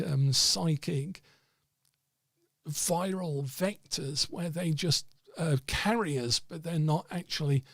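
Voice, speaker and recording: A man's voice: fairly high pitch, vocal fry, no room sound, studio quality. A man hosting an occult discussion, telling a story in a rambling, casual way with many fillers and restarts. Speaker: host of an occult discussion stream.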